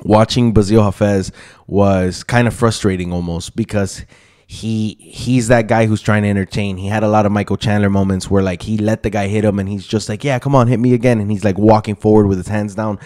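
A man's voice: lowish voice, level tone, brisk, a little mellow. A man giving a casual, opinionated breakdown of fight results, chatty with frequent ums and asides. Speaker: MMA YouTuber.

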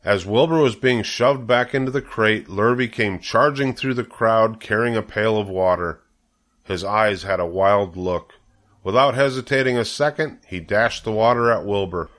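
An older man reading a children's novel aloud in a steady, gentle read-aloud manner. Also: lowish voice, moderate pace. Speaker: storybook reader.

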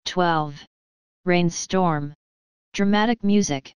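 A woman reads an old play script aloud, stage directions and all, in a plain, matter-of-fact way. Her voice is low and very smooth. The recording is dry and a little dull. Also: unhurried, no echo.

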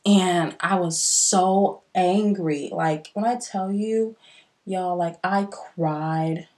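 A woman's voice: lowish voice, drawn-out words. Chatty woman in a casual vlog. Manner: chatty and expressive, addresses viewers as y'all. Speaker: beauty vlogger. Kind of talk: casual get-ready-with-me chat.

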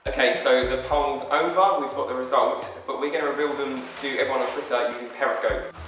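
A man's voice: medium pitch, fairly even intonation, brisk, distant mic. Young male vlog host, teasing, laughs a lot; echoey room, off-mic, music behind. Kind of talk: casual vlog challenge chat.

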